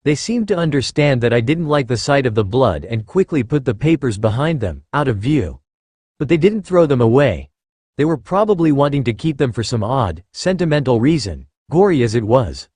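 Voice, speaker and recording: A man narrating a first-person fan fiction story in an expressive reading style. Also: mid-range voice, moderate pace, breathy edge, dry recording.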